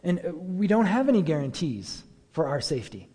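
Speaking briskly with a breathy edge, a pastor preaches in a relaxed, chatty style, often saying "like" and "um" and asking his listeners rhetorical questions. His voice is a bit high for a man. Long reverb trails after each phrase, like a large hall.

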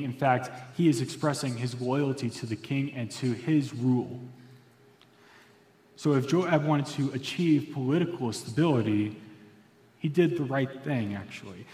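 A man's voice: medium pitch, unhurried, a little mellow. A man preaching a sermon as pastor, in an earnest, reflective storytelling manner. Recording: echoey hall reverb.

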